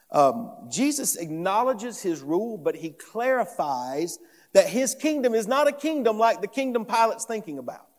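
A pastor preaching an earnest sermon, emphatic and often repeating phrases as he builds each point. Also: high voice. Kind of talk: expository sermon. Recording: long reverb of a large hall.

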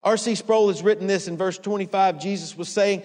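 A man preaching a sermon, emphatic and repetitive, swinging from hushed to raised. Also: high voice, steady tone, fairly quick, hardly any pauses, long reverb tail. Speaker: pastor.

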